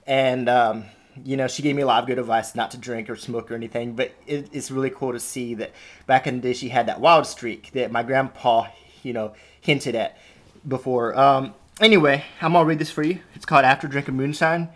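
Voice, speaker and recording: A man with a faint Southern accent talks in a relaxed, amused, conversational way, like someone sharing family stories from his house. He is recorded on a camera mic at home and keeps a friendly, storytelling flow. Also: mid-range voice, fairly quick. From Alabama, US South. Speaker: host showing family scrapbook. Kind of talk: casual vlog narration. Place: at home indoors, cats around.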